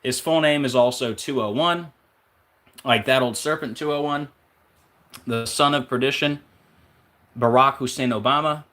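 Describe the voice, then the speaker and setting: A man's voice: medium pitch, fairly bright tone. A man hosting a casual numerology video, rattling off number connections in a conspiratorial way and often going off track. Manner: rapid, listing numbers and links, conspiratorial; off-track, searching aloud with fillers. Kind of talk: casual rambling monologue.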